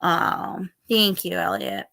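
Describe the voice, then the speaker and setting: A woman's voice: medium pitch, fairly even intonation, slow, creaky, sharp tone. A middle-aged woman from the Northeast United States hosting a casual live stream, chatty and rambling as she reads the chat, sounding tired. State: tired, yawning. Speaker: livestream host.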